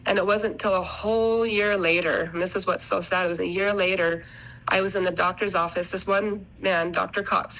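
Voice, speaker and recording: A woman's voice: fairly low pitch, fairly bright tone, rough recording. A middle-aged woman guest on a podcast, telling her family story in an earnest, rambling way and often restarting her sentences. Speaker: podcast guest, mother of three. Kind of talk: casual interview storytelling.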